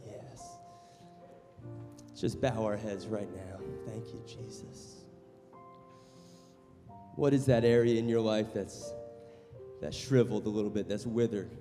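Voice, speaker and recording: A man preaching a sermon as pastor in a church, passionate, moving between loud exhortation and quiet storytelling. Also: lowish voice, fairly even intonation, a little slow, pauses often. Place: church sanctuary. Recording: long hall reverb with music behind.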